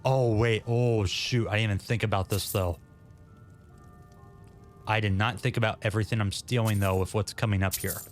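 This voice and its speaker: A man's voice: on the low side, fairly even intonation, moderate pace, soft background music. A man giving casual gameplay commentary, chatty and self-mocking, talking to himself as he plays. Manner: chatty, self-mocking, laughs at his own misreads. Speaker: gaming channel host.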